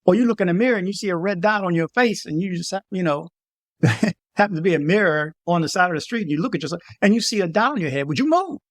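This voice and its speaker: Man, casual vlog monologue, emphatic warnings, slightly high voice, dry close mic. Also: fast talker, no echo. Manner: emphatic, repeats warnings, animated asides. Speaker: travel vlogger.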